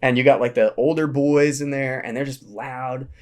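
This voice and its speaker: A middle-aged man, a podcast guest, telling stories in an animated, casual way and acting out quoted voices. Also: normal speed, clean tone. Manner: animated storyteller, acts out quotes in a high voice. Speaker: podcast guest, Renaissance fair founder and educator. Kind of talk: casual storytelling chat.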